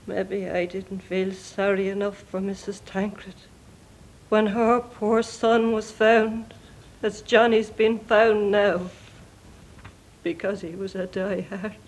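An actress playing a grieving older Irish mother who prays in slow, keening lament, with an Irish accent. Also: mid-range voice, level tone, rough recording.

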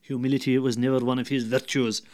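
A man with an Irish accent telling a folk tale, lively and dramatic, dropping to hushed asides. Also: mid-range voice, fast talker. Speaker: storyteller.

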